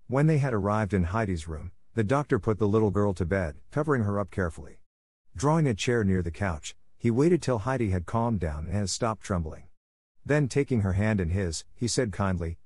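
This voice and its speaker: Low-voiced man reading a storybook. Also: lively intonation, brisk, darkish tone, no echo, studio quality. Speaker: audiobook narrator. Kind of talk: reading a children's novel aloud.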